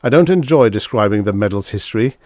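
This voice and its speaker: A swaggering provincial nobleman in an audiobook, growling his words in a heavy, rich accent, as a man puts him on. The voice sits low and the sound is close and dry. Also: expressive, fast, darkish tone, dry recording, lightly acted. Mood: boastful. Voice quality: thick rich put-on foreign accent. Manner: growling, blustering. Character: pompous male provincial nobleman, gruff and boastful.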